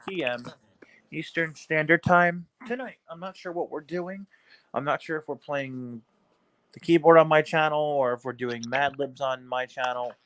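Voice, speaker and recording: A man's voice: medium pitch, a bit bright. A man hosting a casual livestream, wrapping up with loose, joking banter. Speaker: livestream host.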